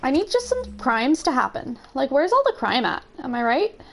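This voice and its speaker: A woman's voice: high-pitched, big pitch swings, creaky. A giggly young woman chatting casually while playing a video game on a live stream. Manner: giggly, chatty, drawn-out musing. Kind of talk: casual chat over gameplay.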